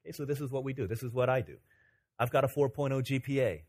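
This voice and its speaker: A man preaching a sermon as pastor, telling stories in an animated, joking way. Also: mid-range voice, fast, slightly rough.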